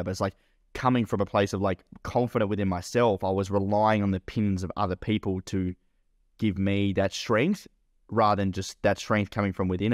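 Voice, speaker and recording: A man's voice: deep voice, no echo, clean studio sound. A man co-hosting a podcast, telling a story in a rambling, casual way, full of fillers and swearing. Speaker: podcast co-host and business owner.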